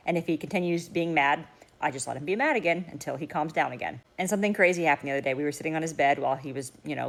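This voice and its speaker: Brief: young mom, low voice, talks fast, practical step-by-step parenting advice to camera. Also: female voice. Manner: practical, matter-of-fact, explaining step by step. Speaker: mother giving parenting tips.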